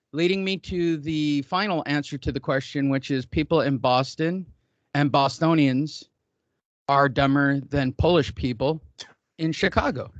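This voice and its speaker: A man's voice: high voice, fairly bright tone, no room sound, dull audio. A middle-aged man hosting a casual podcast, rambling through jokey stories and ribbing his co-hosts. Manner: joking, rambling storyteller. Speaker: podcast host.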